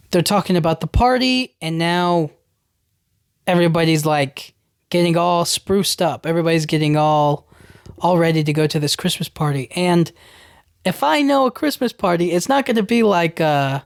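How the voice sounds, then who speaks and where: A young male podcast host recaps a film in a loose, rambling way, constantly saying "like" and "you know what I mean." His voice is on the high side with vocal fry, recorded in studio quality with no echo.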